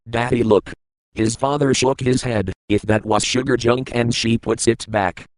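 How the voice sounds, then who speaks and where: Guy reading a kids book out loud in a hotel room, halting, kinda flat delivery, dry close sound. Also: medium pitch, no echo, low-quality recording. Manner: plain, halting reading with grammar slips. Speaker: vlogger reading picture books aloud. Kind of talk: reading a children's story aloud.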